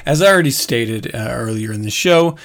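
A man's voice: medium pitch, brisk, faint music behind. A man hosting his own podcast, telling a story in a casual monologue, swearing freely and laughing often as he rants. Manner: animated, profane storytelling rant with frequent laughs. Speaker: podcast host.

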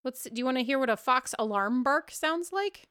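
A woman running a tabletop game as host, narrating the scene in a chatty way and laughing often. Her voice sits high and swoops widely up and down. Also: expressive, moderate pace, fairly bright tone, clear, resonant tone. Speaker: podcast host and game master.

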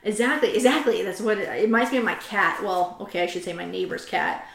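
A woman of middle pitch hosts a casual chat, retelling a story with lively energy and stopping to read passages aloud. Her voice carries a roomy echo. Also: fast, gravelly, slight background noise. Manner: animated retelling, reads quotes aloud. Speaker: host.

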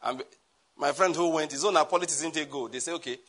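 Bright-toned Nigerian pastor preaching. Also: male voice, on the high side, fairly quick. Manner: animated, joking asides, laughs at own lines. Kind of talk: sermon.

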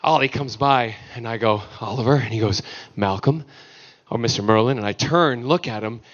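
A man's voice: medium pitch, a little fast, fairly bright tone, lo-fi sound. A man, an actor guest on a fan panel, telling playful stories and acting out the quotes in voices. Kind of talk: convention panel storytelling.

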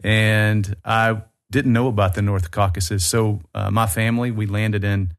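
A man in his forties with a Southern US accent, a guest chatting in an easygoing, friendly way with frequent pauses. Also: on the low side, fairly even intonation. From Alabama, US South. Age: 40s. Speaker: guest expert on tourism. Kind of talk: casual conversation.

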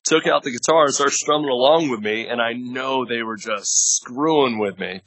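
With a medium-pitched, slightly bright voice at normal speed, a thirty-something actor and producer tells casual stories on a podcast as a guest. He rambles, uses many fillers and laughs often. There's no echo, though the recording is rough.

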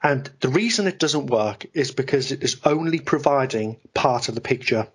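A man, a guest on a podcast interview, explaining ideas in an animated, talkative way. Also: mid-range voice, moderate pace, husky. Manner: animated, explanatory, self-deprecating about ranting. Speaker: guest, investment expert.

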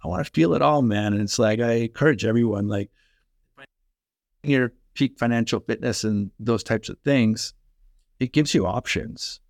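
A man in his forties who once played and coached hockey tells personal stories in conversation, enthusiastic and animated, saying "like" often. His voice is mid-range, gravelly and moderately paced, recorded at studio quality with no room sound.

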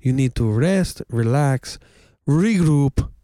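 A man co-hosting a podcast in casual chat, joking around in a playful deadpan way. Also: medium pitch, takes it slowly, no echo, studio quality. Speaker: podcast co-host. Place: houseboat cabin.

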